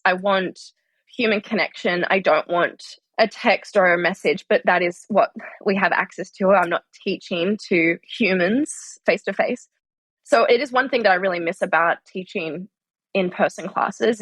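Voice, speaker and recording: A woman's voice: medium pitch, a bit bright, slightly rough, no room sound. A woman yoga teacher speaking as a podcast guest, earnest and heartfelt, with many "like" fillers. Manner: earnest, heartfelt, frequent "like" fillers, laughs easily. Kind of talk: reflective interview conversation.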